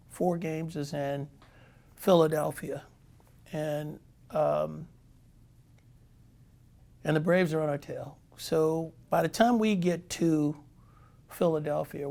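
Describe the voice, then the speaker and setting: A man in his sixties, a former pitcher, telling a lively anecdote as a guest. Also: vocal fry. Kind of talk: storytelling anecdote.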